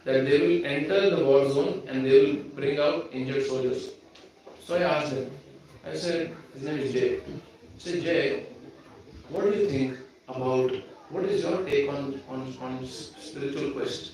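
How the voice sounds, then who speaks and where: A man's voice: medium pitch, a little slow, a little mellow. A man giving a sermon at a temple program, speaking directly and earnestly, full of rhetorical questions. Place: temple hall. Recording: echoey room from far off, faint noise.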